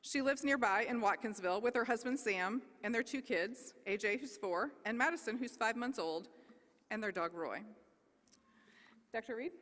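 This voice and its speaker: A woman's voice: fairly high pitch, moderate pace, a bit bright. A woman dean reading a formal introduction of a speaker at a graduation ceremony. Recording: long reverb of a large hall.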